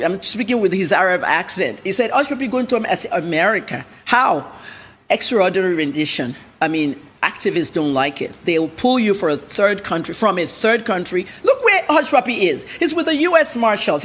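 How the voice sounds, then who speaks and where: Blunt, husky-voiced woman journalist. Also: mid-range voice. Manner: blunt, emphatic. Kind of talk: interview answers.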